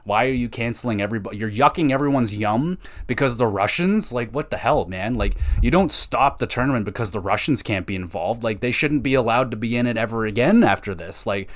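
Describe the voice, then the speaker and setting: A man's voice: medium pitch, expressive, a little fast, few pauses. A young man from Canada hosting a casual solo hockey podcast, ranting with exasperation and plenty of swearing. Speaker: podcast host.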